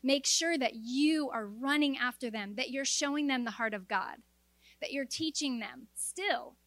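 A middle-aged woman delivers a sermon in a fairly high voice, earnest and exhorting. The sound is dry and close, with no room echo. She slips in quick joking asides between her points. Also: a bit bright. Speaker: preacher. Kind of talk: sermon to a women's audience.

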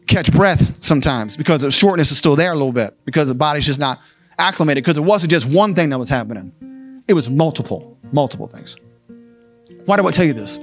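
A man giving an emotional spoken testimony, fervent, repeating phrases for emphasis. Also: on the high side. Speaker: speaker sharing a personal testimony.

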